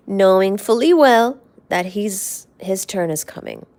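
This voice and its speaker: Slow, gravelly-voiced woman chatting softly. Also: mid-range voice, animated. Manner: soft, affectionate, rambling, often drops to a near-whisper. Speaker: livestream host. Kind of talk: casual live-stream chat about her cats.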